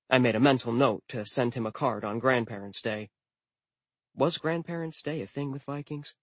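A male audiobook narrator reads at an unhurried pace with a husky, slightly breathy tone. His delivery is dry and wry, close to a studio mic in a dry room. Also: mid-range voice, a bit bright, no echo. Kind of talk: first-person storybook narration.

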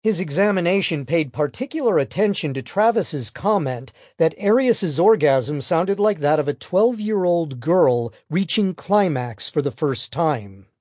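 A man's voice: fairly high pitch, lively intonation, unhurried, few pauses, darkish tone, dry recording, clean studio sound. Matter-of-fact male audiobook narrator. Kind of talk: true-crime audiobook narration.

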